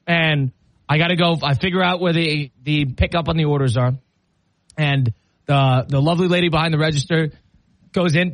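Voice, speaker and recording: A man's voice: a little high, steady tone, moderate pace, fairly bright tone, no echo. A man hosting a show, telling a self-mocking story in casual on-air banter and laughing often. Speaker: radio show host.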